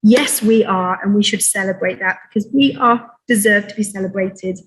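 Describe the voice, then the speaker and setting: A woman's voice: mid-range voice, fairly even intonation, a little fast, a bit bright, a little hiss or hum. A woman midwife, a bit out of breath, passionately coaching pelvic floor exercises in a gym. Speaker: midwife leading an exercise demo. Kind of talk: energetic exercise instruction talk. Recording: echoey room, far from mic.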